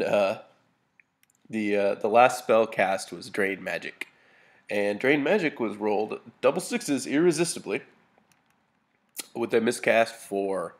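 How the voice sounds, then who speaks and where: A man with a somewhat low, gravelly voice walks through a tabletop battle report in a relaxed, casual way. He sounds a little sniffly and stumbles through fillers and restarts, slipping in dry humor as he talks. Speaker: hobby gamer reporting a battle. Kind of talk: casual narrated battle report over photos.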